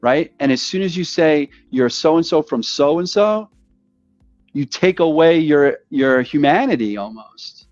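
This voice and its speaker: An animated man rambles through sales talk, acting out calls in a lively voice that jumps up and down in pitch. The audio is dull and lo-fi, with faint music underneath. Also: measured pace. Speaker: podcast host. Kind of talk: casual conversation about sales calls.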